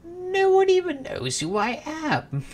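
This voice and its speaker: A reader voicing a boastful, mocking little imp man in a storybook read-aloud, loud and taunting with sudden high leaps. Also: wildly swooping pitch, takes it slowly, slight background noise, full character voice.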